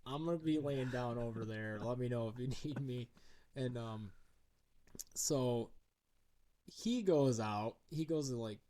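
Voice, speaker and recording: A man's voice: unhurried, pauses often. A man in his thirties telling a story on a casual podcast, acting out the voices of the people in it. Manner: animated storyteller, acts out his daughter in a high voice. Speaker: podcast co-host. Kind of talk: casual chat.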